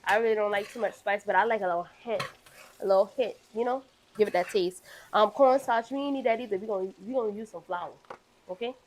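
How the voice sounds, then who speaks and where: A woman's voice: medium pitch, fast, slight background noise. A young woman, casually hosting a cooking show and chatting through the ingredients. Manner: chatty and playful, walks viewers through ingredients.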